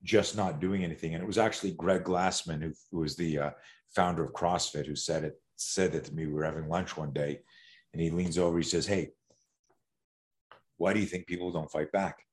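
A man who coaches fighters, telling stories in a loose, animated conversation, swearing now and then and restarting his sentences. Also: rumbling low, brisk. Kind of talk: casual podcast conversation.

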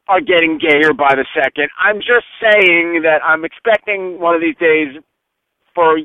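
A man rants in a sarcastic, mocking voicemail, swearing freely as he ribs the hosts. His voice sits a little high and comes through a tinny phone line with no room sound. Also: no room sound. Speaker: voicemail caller. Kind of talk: profane ranting voicemail.

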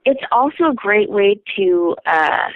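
A woman's voice: mid-range voice, lively intonation, measured pace, dry recording. A woman in casual conversation, telling stories and acting out quotes with swearing. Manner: chatty storyteller, acts out quotes with swearing. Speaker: conversation partner. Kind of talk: casual chat. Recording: tinny phone-like dry sound.

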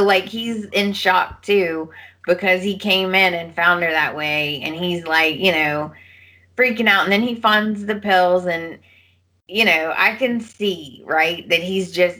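Female podcast co-host, slow and bright, retells scenes with quoted lines. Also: fairly low pitch. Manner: animated retelling, acting out characters' lines. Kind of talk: casual soap opera recap chat.

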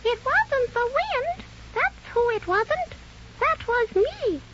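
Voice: very high voice, big pitch swings, slow, fairly bright tone, full character voice. An actor playing a grouchy, boastful squirrel who taunts in sing-song rhymes, in 1930s radio drama style. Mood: taunting. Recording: muffled old radio recording, faint hiss.

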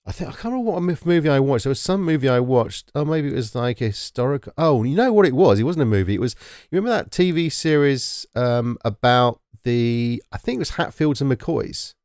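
A man talking through a film in a casual, rambling way, pausing often with ums. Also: mid-range voice, expressive, a little mellow, no echo, clean studio sound. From Britain. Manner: rambling, hesitant with many ums. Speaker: podcast co-host.

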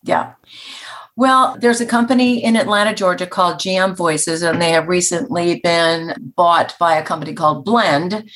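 A woman's voice: fairly low pitch, normal speed, fairly bright tone. A modest, easygoing woman, a voice actor, chatting as an interview guest. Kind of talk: interview conversation.

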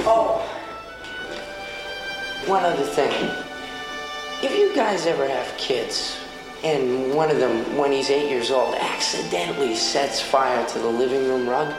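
An actor playing Marty, an easygoing, earnest teenage boy, talking casually with a slight hesitation in a film scene. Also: medium pitch. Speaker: film character. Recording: film clip with music underneath, roomy.

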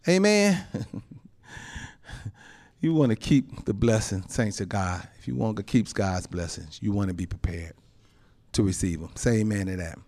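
A pastor preaching a sermon, dropping frequent amens and chuckles, moving between soft, low asides and loud, high exclamations. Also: male voice, expressive, a little slow, long pauses.

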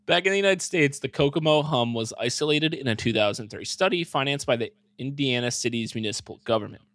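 A man's voice: mid-range voice, fast talker, fairly bright tone, no room sound. A young man co-hosting a casual comedy podcast, reading facts aloud and then joking around with swearing. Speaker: podcast co-host reading about the topic.

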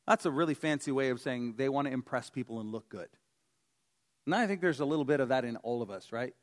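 A man's voice: medium pitch, lively intonation, fast talker. A man preaching a sermon as pastor, in a conversational, joking way with emphatic stresses.

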